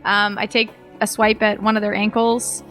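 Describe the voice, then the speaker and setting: A woman's voice: mid-range voice, level tone, normal speed, a bit bright, soft background music. A woman playing a tabletop game, describing her moves hesitantly with many ums. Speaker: player.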